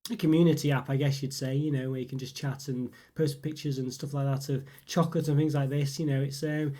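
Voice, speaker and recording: Chatty man, quick and rambling. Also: mid-range voice, flat delivery, dark tone. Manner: rambling, many fillers and restarts. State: lingering cough, voice still rough. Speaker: channel host. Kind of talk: casual update chat.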